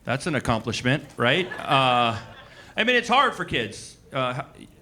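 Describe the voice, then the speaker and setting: A man's voice: mid-range voice, very animated, a little slow, pushed and bright, slight background noise. A man in his forties doing a loose, conversational stand-up set on a club stage, with lots of likes and asides. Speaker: stand-up comedian. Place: comedy club stage with live audience.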